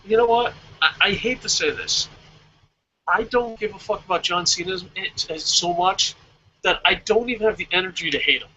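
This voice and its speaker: A man's voice: high-pitched, moderate pace, sharp tone, lo-fi sound, slight background noise. A man ranting with heavy profanity and exasperation on a casual wrestling podcast. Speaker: podcast co-host.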